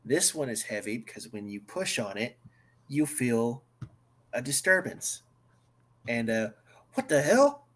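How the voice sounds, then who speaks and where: A man narrating a tabletop game as game master, slow and halting with many fillers. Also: mid-range voice, lively intonation, a bit bright.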